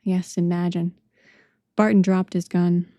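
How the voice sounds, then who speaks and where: A woman narrating an audiobook in a measured, dramatic way. Her voice is dark and mellow. The recording is dry and close, with no room sound. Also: fairly low pitch, level tone, no echo.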